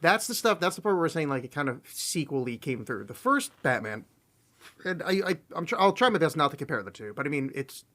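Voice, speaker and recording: Casual podcast co-host, man, high and very lively voice, quick animated bursts. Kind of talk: casual chat.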